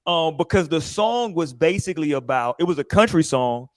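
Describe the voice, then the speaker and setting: A man's voice: on the high side, expressive, normal speed, no room sound. A young man on a casual podcast panel, telling a story with lots of acted-out quotes and profanity. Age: young adult.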